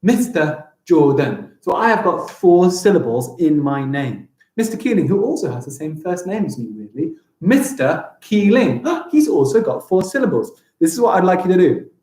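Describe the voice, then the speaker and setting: A young English man teaching a live-streamed primary school lesson, upbeat and encouraging, sounding out words slowly. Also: high voice, big pitch swings, warm tone, roomy sound, poor audio.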